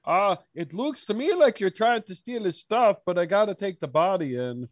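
A man's voice: high-pitched, expressive, moderate pace, no echo, muffled recording, pitched above the performer's own voice. A man voicing a weary frontier lawman who speaks plainly and matter-of-factly.

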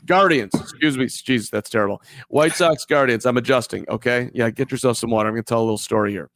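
A man's voice: medium pitch, fast talker, a bit bright, no room sound. A man co-hosting a live baseball podcast, telling stories in a rambling way and repeating himself. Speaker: podcast co-host. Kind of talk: casual live podcast chat.

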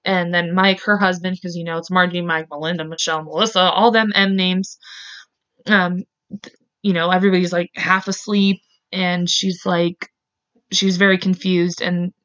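A woman's voice: on the low side, little pitch movement, moderate pace, fairly bright tone, clear, resonant tone, highs cut off. A woman hosting a podcast and retelling a true-crime case in casual, filler-heavy talk that gets emotional and salty. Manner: chatty, filler-heavy, emotional, swears openly. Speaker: podcast host.

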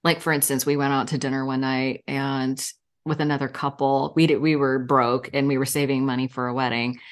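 A woman's voice: rumbling low, level tone, a little fast. A woman in her fifties, a podcast guest in casual interview chat, telling candid stories and laughing often.

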